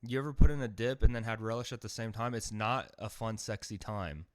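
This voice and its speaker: A man tells a comic story in a lowish, dry voice. His delivery is deadpan, and then he suddenly bursts out loud. The sound is close and dead, with no room echo. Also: brisk. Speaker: podcast host. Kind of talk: comedic monologue.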